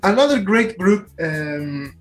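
Host, interviewer, slow unhurried questions, enthusiastic, faint background music. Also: mid-range voice, big pitch swings. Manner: enthusiastic, brief backchannels.

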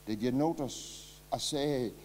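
A man preaching a sermon as pastor, swinging between loud impassioned passages and quiet low ones. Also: slow pace, slight background noise. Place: church hall. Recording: long hall reverb.

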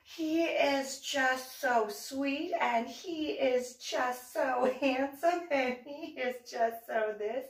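A woman's voice: high-pitched, extremely slow, hardly any pauses, pitched above the performer's own voice, full character voice. A woman voicing a starstruck neighbor woman who gushes and repeats herself. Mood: gushing. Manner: breathless, repeats herself, fawning. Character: gushing middle-aged woman neighbor, starstruck. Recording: roomy, distant mic.

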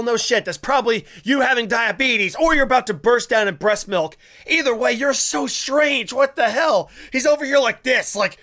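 A man's voice: very high-pitched, lively intonation, normal speed, hardly any pauses, bright, forceful tone. A young man hosting a casual reaction video, rambling and crude, often stammering and restarting. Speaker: YouTube reaction host.

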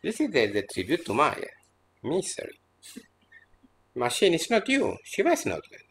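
A man as a spiritual teacher at a seminar, speaking in an earnest, admonishing way, with halting, repetitive phrasing and many restarts. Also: fairly high pitch, wildly swooping pitch, a bit bright, slight background noise. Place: seminar room at an ashram in India.

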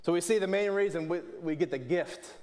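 A man's voice: high-pitched, brisk, a little mellow. A man from preaching a sermon in church, earnest, often restarting and repeating words. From Pittsburgh, USA.

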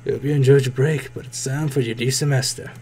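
A man putting on a deep, theatrical narrator voice to read a visual novel's text aloud. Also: fairly even intonation, fairly quick, mellow, husky. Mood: mock-ominous. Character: deep, mock-dramatic male game narrator.

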